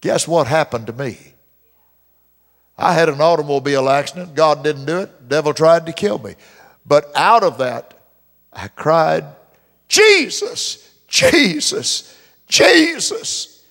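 A man preaching a sermon as pastor, stretching out key verses slowly and loudly, with dramatic emphasis. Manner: mimics complainers in a high whiny voice. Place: church sanctuary. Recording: long reverb of a church hall.

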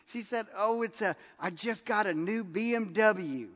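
High-voiced preacher in an echoing hall. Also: male voice, a little slow. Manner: animated storytelling, acts out quotes with laughs. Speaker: pastor. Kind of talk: sermon.

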